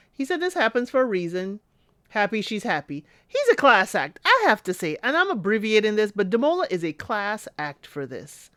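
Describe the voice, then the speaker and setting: A woman's voice: mid-range voice, no echo, clean studio sound. A woman recapping a reality show in casual commentary, chatty and talking back to the people she describes. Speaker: recap host.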